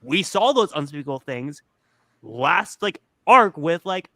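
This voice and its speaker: A man with a bright, somewhat high voice, chatting casually on a fan podcast. He rambles and fills his sentences with "like", and the recording is close and dry. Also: sing-song, a little slow, no echo. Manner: rambling, heavy use of "like" fillers. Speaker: podcast co-host.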